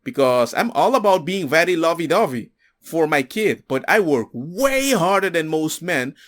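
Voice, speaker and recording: Animated man telling stories, lively pitch. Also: moderate pace. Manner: animated storyteller, acts out others' lines. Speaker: commentator. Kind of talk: casual monologue.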